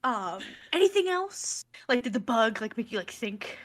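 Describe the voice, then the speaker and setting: A woman's voice: fairly high pitch, very animated, normal speed. A woman voicing a peppy, preppy teenage cheer captain who chatters with lots of filler words. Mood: bubbly.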